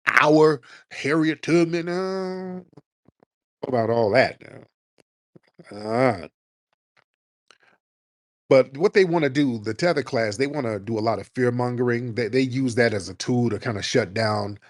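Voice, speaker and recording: A man's voice: mid-range voice, dry recording, clean studio sound. A man hosting a live call-in show, giving blunt, combative political commentary in slangy speech. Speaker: host.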